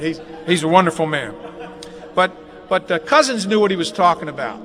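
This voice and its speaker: An older man gives a folksy speech full of jokes and anecdotes at a dedication ceremony inside a large sports facility, his high voice expressive, his speed normal, his pauses long. The live webcast picks up faint noise and a long hall echo.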